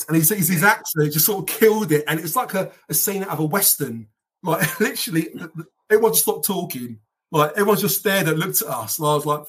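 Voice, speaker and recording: A middle-aged man, telling lively football anecdotes with laughs in a casual chat. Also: on the high side, fairly quick, husky. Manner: animated anecdotes, laughs as he tells them. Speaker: guest football fan. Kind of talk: casual storytelling.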